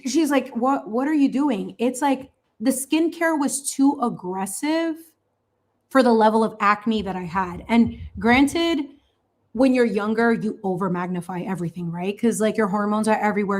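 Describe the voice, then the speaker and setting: A woman in her thirties hosting a craft channel, chatting casually in a sassy, animated way with slangy asides and frequent laughs. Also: a little high.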